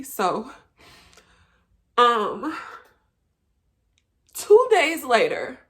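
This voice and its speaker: Chatty woman telling a personal story. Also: medium pitch. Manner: chatty, animated when quoting, laughs often. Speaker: vlogger. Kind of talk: casual storytelling to camera.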